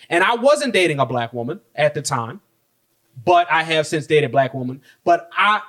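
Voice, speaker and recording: A young man chatting on a podcast with a fairly high voice. He tells stories in an animated way and jumps into other people's voices for the quotes, cursing casually as he goes. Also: moderate pace. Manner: animated storyteller, acts out quotes, swears. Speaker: podcast co-host. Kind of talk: casual chat.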